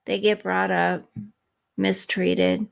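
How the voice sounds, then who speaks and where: A woman's voice: mid-range voice, level tone, slow, vocal fry. A woman hosting a live stream, chatting earnestly and emotionally with viewers and reading their comments.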